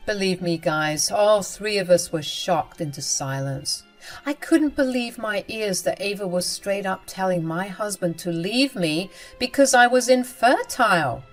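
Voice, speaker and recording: A young woman tells a personal story as scripted narration, confiding and emotional, at a mid pitch. Soft music runs faintly beneath her. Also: low-quality recording.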